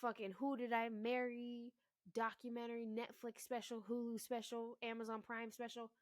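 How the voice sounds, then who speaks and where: A young woman in her twenties, a mother, ranting bluntly to the camera about relationships with heavy swearing and loud emphatic bursts. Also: on the high side, little pitch movement, normal speed, no echo. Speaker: mother and vlogger.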